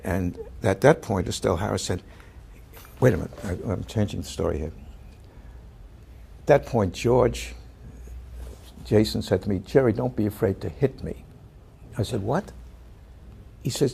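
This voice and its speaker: An older man, an actor, telling a story about a past role in a halting way, full of fillers and restarts, now and then shouting out the lines he quotes. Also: on the low side, creaky, a little hiss or hum. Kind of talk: anecdotal storytelling.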